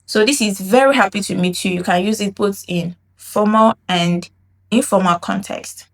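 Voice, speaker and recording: A woman teaching a Mandarin lesson in English, saying phrases slowly and drawing them out for learners to repeat. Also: mid-range voice. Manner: slow, drawn-out model phrases for learners to repeat; explains in English, demonstrates in Mandarin. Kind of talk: language lesson with repetition drills.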